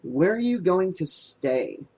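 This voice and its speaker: A man voicing a skeptical young woman in an audiobook, with a dry and flat delivery. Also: sits high, slow pace, breathy edge, voice pushed up, heavily acted. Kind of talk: audiobook character voice.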